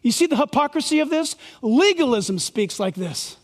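A man preaching a sermon in a church, animated and sarcastic, with fiery outbursts. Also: extremely high pitch, moderate pace, long reverb tail. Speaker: pastor. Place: church sanctuary.

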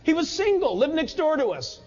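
A high, lively male voice preaching a sermon, swinging his pitch widely as he tells stories and laughs along. The sound is dull and carries a long echo, as in a big church hall. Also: brisk. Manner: animated storytelling, often laughing. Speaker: pastor.

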